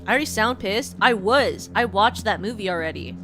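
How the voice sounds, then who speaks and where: A woman's voice: medium pitch, animated, fairly quick, a bit bright. A young woman streaming a game, ranting casually and swearing a lot. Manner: profane, ranting, exasperated. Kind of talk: casual gameplay rant. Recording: game music behind.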